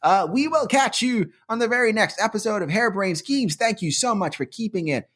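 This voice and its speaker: A man's voice: high voice, animated, fairly quick, a bit bright. A man hosting a comedy podcast, teasing his co-host and rambling through sign-offs. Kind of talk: comedic banter.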